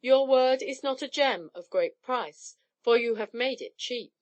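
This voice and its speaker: A stern, wise old chief god, as a woman reader puts him on, firm and rebuking. The voice is a little high. He belongs to a storybook reading. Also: a little slow, dull audio, lightly acted.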